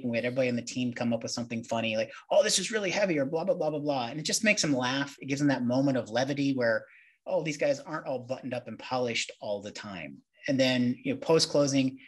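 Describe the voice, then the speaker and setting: A man, a mortgage loan originator answering interview questions in a candid, conversational way. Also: mid-range voice. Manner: candid, conversational, acts out client dialogue.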